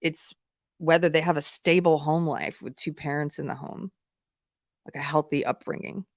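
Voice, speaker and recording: An outspoken woman hosts a livestream, offering frank, chatty commentary as if hanging out with her viewers. Her voice is slightly low for a woman, with fairly even intonation and a moderate pace. The sound is dry and close, without echo or room around it.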